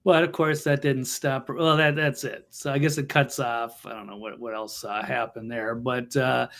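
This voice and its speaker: A man's voice: mid-range voice, level tone, moderate pace, creaky, a bit bright. A man co-hosting a casual political talk show, blunt and scornful in his remarks over a video call. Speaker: co-host.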